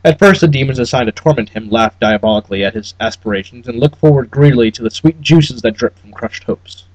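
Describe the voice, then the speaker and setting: A man reading an audiobook aloud in an expressive, wry narration style. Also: medium pitch, brisk, no echo, dull audio. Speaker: audiobook reader.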